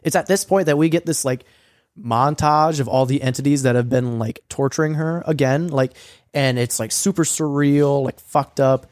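A man's voice: mid-range voice, moderate pace, a little mellow, dry recording, studio quality. Rambling, profane young man. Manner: profane, rambling storytelling with many fillers; acts out quoted lines with a raised voice. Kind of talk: casual recap of a streamed game.

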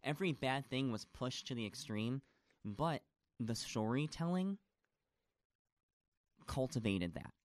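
A man's voice: medium pitch, animated, a little slow, long pauses, dry recording, studio quality. A man in a casual chat, a stage actor talking at length, gushing and rambling with lots of fillers.

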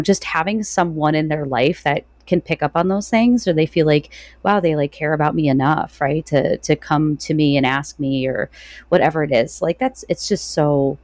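Deep-voiced woman host, gushing and thoughtful, dry close sound. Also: no echo. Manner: warm, effusive and reflective. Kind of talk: conversational interview.

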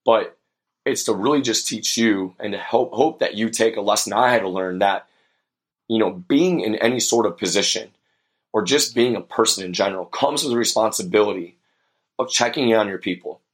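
Young male podcast host, slightly low voice, sincere and reflective storyteller. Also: moderate pace, breathy edge. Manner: earnest and reflective, with many fillers. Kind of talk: personal storytelling monologue.

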